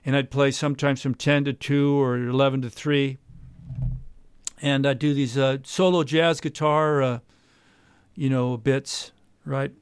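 A man, a jazz guitarist and podcast host from Southern California, telling a long anecdote in a casual interview, with many pauses and quoted dialogue. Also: mid-range voice, steady tone, clean tone, no echo. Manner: rambling anecdote with many uhs, quoting others.

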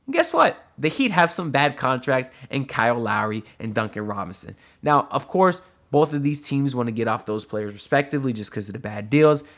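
A man's voice: medium pitch, a bit bright. A man hosting his own audio sports podcast, talking loosely and chattily with lots of asides and "uh"s. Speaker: solo sports podcast host. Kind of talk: casual podcast commentary. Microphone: audio-only podcast mic.

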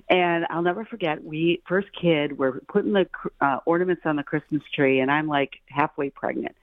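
A middle-aged woman, a fertility doctor, telling personal stories in a casual chat, animated and acting out the voices of the people she quotes. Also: low-pitched, normal speed, few pauses, no room sound. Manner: animated, acts out quoted voices, repeats words when excited. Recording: tinny phone line, dry.

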